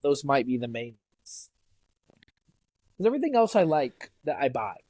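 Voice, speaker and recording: A young adult man co-hosting a podcast, chatting casually and telling teasing, animated stories. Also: mid-range voice, normal speed, no echo. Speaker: podcast co-host. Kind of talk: casual chat.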